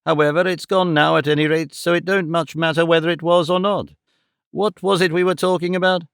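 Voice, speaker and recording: A man's voice: fairly high pitch, steady tone, a little fast, creaky, fairly bright tone, smooth, dry recording, studio quality, voice pushed up. A man voicing a fussy, scatterbrained middle-aged mother who talks emphatically and exclaims often.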